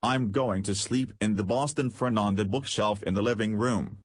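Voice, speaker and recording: A man voicing a small, gentle hen bird in an audiobook, speaking softly and politely. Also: on the low side, normal speed, husky, no room sound. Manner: soft, gentle, well-mannered. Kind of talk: audiobook character voice.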